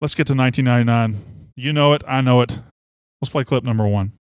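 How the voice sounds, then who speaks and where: A man hosting a sports podcast in casual chat, excitable and teasing, swinging from loud bursts to quiet asides. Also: mid-range voice, fast, clean tone, dry recording. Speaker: podcast host.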